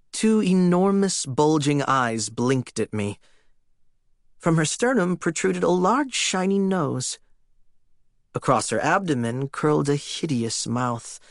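A man reads an audiobook in a wry, theatrical first-person voice, his pitch rising and falling with animated expression. He takes an unhurried, deliberate pace, and the recording is dry and close. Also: dry recording. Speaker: audiobook narrator. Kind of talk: scripted audiobook narration.

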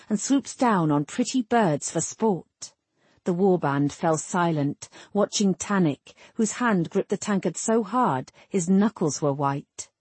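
A woman narrates a fantasy audiobook in a steady, measured way. Her voice is mid-pitched and a little husky, recorded dry and close. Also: no echo.

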